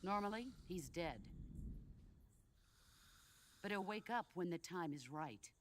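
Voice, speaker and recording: An actress playing a grave woman soldier in a video game, speaking in a measured, solemn way. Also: on the low side, animated, background noise.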